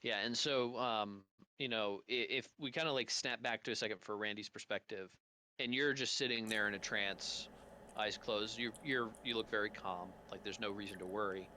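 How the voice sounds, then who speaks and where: A man's voice: lowish voice, moderate pace, bright, forceful tone, slight background noise. A young man narrating a tabletop game as game master, loose and rambling with many fillers.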